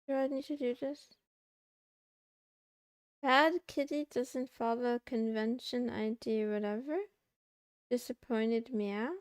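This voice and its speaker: A woman's voice: a little high, steady tone, unhurried, pauses often, dry recording, studio quality. A young woman streamer chatting casually to her chat, playful and a bit whiny, meowing and muttering to herself. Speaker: VTuber livestreamer.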